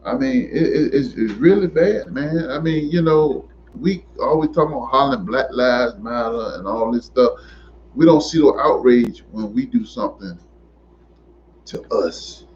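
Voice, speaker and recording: A man in an impassioned monologue, preachy and emphatic, repeating himself and rising to near shouts. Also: medium pitch, normal speed, slight background noise. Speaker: commentator. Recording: dull lo-fi recording.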